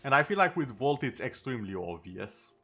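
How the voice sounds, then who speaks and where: A man's voice: mid-range voice, very animated, brisk, fairly bright tone, slightly rough. A male streamer in casual chat over gameplay, talking easily and tossing in sarcastic asides.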